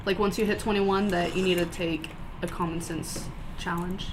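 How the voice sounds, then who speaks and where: A woman telling a story to friends in a loose, giggly way, full of fillers. Clear background noise runs under her voice. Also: fairly low pitch, steady tone, normal speed. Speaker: friend in group chat. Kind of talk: casual chat.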